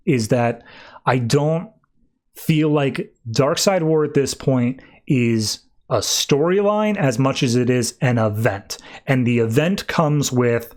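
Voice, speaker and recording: A young man hosting a comics podcast, recapping a story in casual chat and briefly acting out the characters' lines as he goes. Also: medium pitch. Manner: animated, voices characters in quick asides. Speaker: podcast host reviewing comics.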